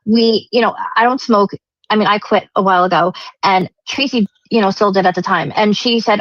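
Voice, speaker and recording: A woman's voice: mid-range voice, a little fast, fairly bright tone, no room sound. A woman guest on a livestream, talking earnestly and filling her sentences with "you know" and "like". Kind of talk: earnest casual talk. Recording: dull lo-fi stream audio.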